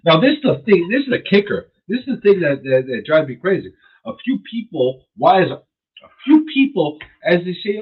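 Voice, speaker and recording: Chewing gum while he talks, this radio host rambles chattily and grows animated when something riles him. He speaks briskly in a high, husky voice, and the audio has a narrow, phone-like quality.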